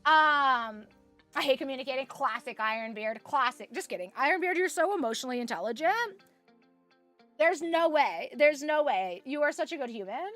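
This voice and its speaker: A young Canadian-accented woman vlogs while sewing, chatting with live viewers in a high, slightly bright voice with lively intonation at a moderate pace. Her story rambles, packed with "like"s, restarts, and frequent laughter, over soft background music.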